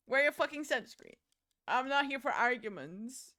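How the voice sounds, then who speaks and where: A woman's voice: high voice, lively intonation, normal speed, sharp tone. A young woman from Portugal with a Portuguese accent, chatting casually and swearing freely while she does her makeup on stream. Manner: chatty, swearing, rambling with playful outbursts.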